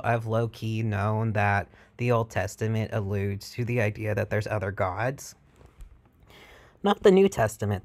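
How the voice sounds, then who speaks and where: A man vlogging in a casual, irreverent and profane way, retelling stories and slipping into mock voices. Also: mid-range voice. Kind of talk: casual chat.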